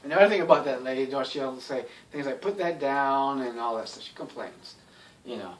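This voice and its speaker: A man's voice: medium pitch, fairly quick, far from the mic. A man talking in a casual, rambling monologue, blunt and sarcastic, with lots of "you know" fillers. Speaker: YouTube commentator.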